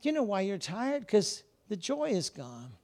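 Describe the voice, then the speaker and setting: High-voiced preacher who shouts and whispers. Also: male voice, wildly swooping pitch, moderate pace. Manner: dramatic, swings between shouting and quiet asides; acts out characters in voices. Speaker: guest preacher. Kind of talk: Pentecostal-style sermon. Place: church service.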